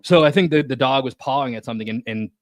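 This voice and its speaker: A man's voice: mid-range voice, fast talker. A man co-hosting a podcast, telling a story in casual chat, acting out quotes and swearing freely. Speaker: podcast co-host.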